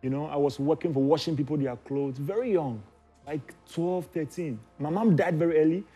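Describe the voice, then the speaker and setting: A man's voice: a little high, moderate pace, mellow, slightly rough, faint music behind. A man with a Ghanaian accent chatting as a talk show guest, teasing and emotional, laughing often. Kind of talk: casual chat.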